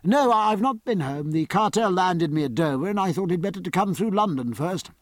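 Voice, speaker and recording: Earnest naval officer, courteous and quick, a bit higher than the narration, played by a male reader. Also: animated, no echo, studio quality.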